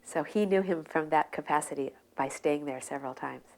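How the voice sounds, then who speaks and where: Brief: woman in a low register, soft-spoken and relaxed, sharing remembered stories. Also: brisk. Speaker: devotee recounting memories. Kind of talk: reminiscing storytelling.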